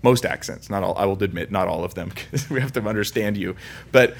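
Preaching a sermon, a Californian pastor alternates loud, high emphasis with soft, low lines and pokes gentle fun at himself. His voice is creaky and he talks a little fast.

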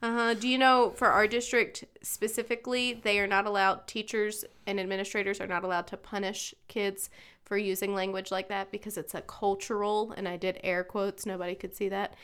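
Middle-aged woman, radio co-host, bright forward voice, animated storyteller who laughs easily. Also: medium pitch, brisk, clear, resonant tone. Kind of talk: casual radio chat.

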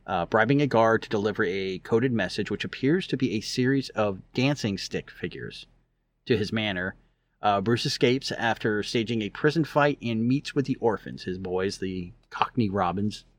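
Recapping a story in casual podcast chat, this male co-host rambles, using lots of fillers and restarts. His voice sits fairly low and moves at a normal speed.

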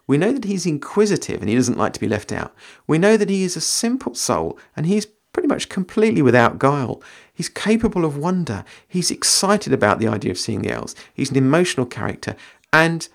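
A man hosting a podcast on creative writing, explaining in a measured, thoughtful way and reading passages aloud. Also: mid-range voice, creaky.

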